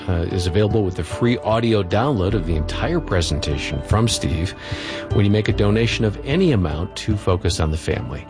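A male radio announcer reading a scripted station break in a smooth, measured way. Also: lowish voice. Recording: studio voice over music.

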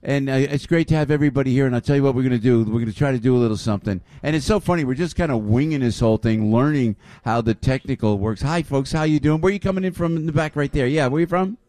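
A man's voice: medium pitch, fast talker, hardly any pauses, no room sound, studio quality. An older man, hosting a live radio show before a crowd and greeting the audience. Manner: lively, repeats "I'll tell you", greets the crowd. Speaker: radio host. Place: restaurant venue with a live audience.

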